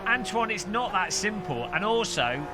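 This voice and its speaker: A man's voice: high-pitched, big pitch swings, normal speed, heavy background noise. A man chatting casually with his live-stream viewers while sim racing, rambling and answering chat as he goes. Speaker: game streamer. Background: loud game music and car engine sounds.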